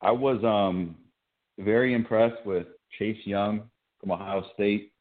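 Low-voiced co-host on a tinny line. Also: male voice, steady tone, slow pace. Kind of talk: casual sports talk.

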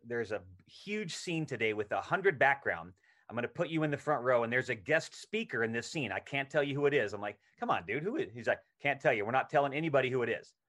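A middle-aged man telling a long anecdote as a podcast guest. He talks casually and with energy, and he acts out the lines he quotes. His voice sits in a middle pitch. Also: a bit bright. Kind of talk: casual storytelling interview.

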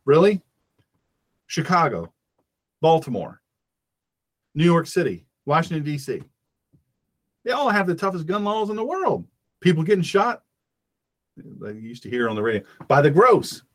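A man's voice: fairly high pitch, very animated, moderate pace, pauses often, a bit bright. A man hosting a fiery political talk radio show, preaching in an impassioned way and acting out little scenes.

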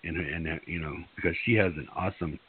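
Deep husky rambling co-host man. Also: steady tone, quick pace, dry recording. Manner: rambling, stammering, playful. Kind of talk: casual online radio chat. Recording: tinny phone line.

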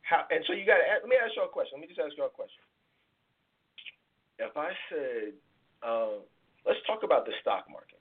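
With an animated, slightly rough voice on the high side, a little fast and pausing often, a life coach and podcast host delivers emphatic relationship advice. The live taping sounds tinny and phone-like, and he explains through analogies while repeating words.

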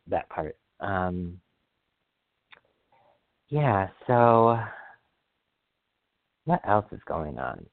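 Podcast host, male, very low voice, excitable rambler, dry thin phone-line audio. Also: no echo. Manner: excitable, rambling, quick to apologize. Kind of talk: casual solo podcast chat.

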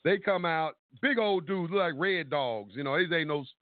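A man's voice: a little high, normal speed, no room sound. A man calling in to a radio talk show, telling a long story with energy, acting out what each person said and swearing casually. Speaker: caller. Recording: tinny phone line, dry.

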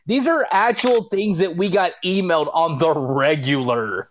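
A man's voice: fairly high pitch, measured pace, a little hiss or hum. A man co-hosting a wrestling podcast, wisecracking and mock-exasperated in casual chat. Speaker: podcast co-host.

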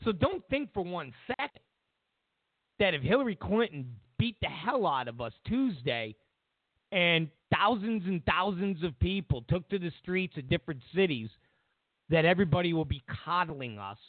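A man hosting a political commentary show, ranting loudly and mockingly, slipping into put-on voices for the people he quotes. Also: high voice, very animated, moderate pace, no echo, phone-quality sound.

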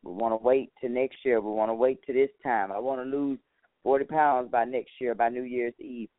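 A man's voice: medium pitch, fairly even intonation, normal speed, no echo. Man, talk show host, casual folksy monologue, a little tired, thin phone-line sound. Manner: chatty, folksy, calls listeners honey. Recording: tinny phone-like line, dry.

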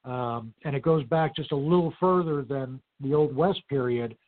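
A man's voice: mid-range voice, normal speed. A man investigator answering interview questions in an easygoing way, with short agreements and some hesitation. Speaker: paranormal investigator guest. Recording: tinny phone line.

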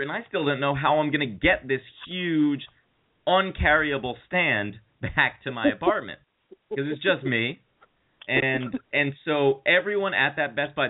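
A man spins a long, rambling story for a chat show, cursing freely and acting out what other people said. His pitch sits right in the middle. The sound is thin and tinny, like it came over a phone line. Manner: rambling, profane anecdotes with acted-out quotes. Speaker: podcast co-host.

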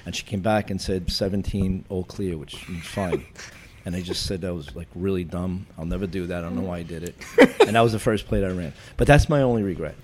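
A retired police chief telling wry, deadpan stories from his career in an interview. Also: sits low, brisk, few pauses, a little hiss or hum. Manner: wry, deadpan anecdotes with cop jargon. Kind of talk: storytelling in a podcast interview.

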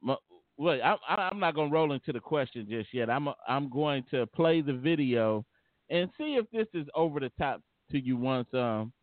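Over a tinny, dry, phone-like line with no room sound, a medium-pitched man with lively intonation hosts a relaxed call-in show. He stammers, repeats words and laughs a lot.

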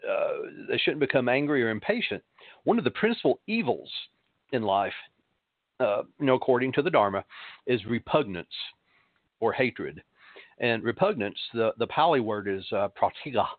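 Halting male pastor on a thin line. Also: mid-range voice, animated, no room sound. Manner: halting, many pauses and repeated words. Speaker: pastor and podcast host. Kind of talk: reflective spiritual talk. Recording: dry, narrow phone-like sound.

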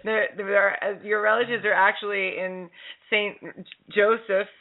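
A woman's voice: mid-range voice, level tone, moderate pace. A woman co-hosting a radio show about dating, chatting and telling stories with plenty of giggles. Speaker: radio co-host. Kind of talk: casual chat. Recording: phone-like narrow sound.

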